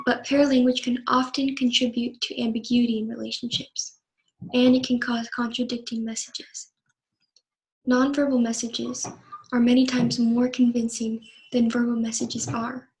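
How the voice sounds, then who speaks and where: Young woman, student presenter; reads her class talk evenly, slightly high voice, little melody. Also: darkish tone, low-quality recording.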